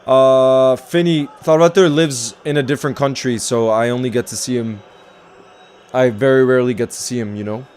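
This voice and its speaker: A man's voice: mid-range voice, steady tone, normal speed, darkish tone. A man hosting a live football watchalong, chatting casually, reacting to the match and reading out viewer comments. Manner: chatty, reads out viewer comments, talks to his pet. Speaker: football livestream host.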